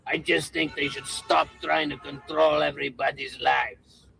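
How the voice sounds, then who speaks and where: An actor playing a bigoted, hot-tempered taxi driver from Europe who rants slowly and threatens his passenger. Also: on the high side, level tone, over music. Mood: angry. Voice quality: gravelly. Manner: ranting, threatening, slow. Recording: distant voice over loud traffic.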